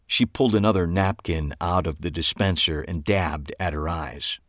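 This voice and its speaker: A man's voice: deep voice, normal speed, few pauses, no echo. A man reading a first-person novel aloud with dry, wry storytelling. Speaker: audiobook narrator. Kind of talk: first-person scripted narration.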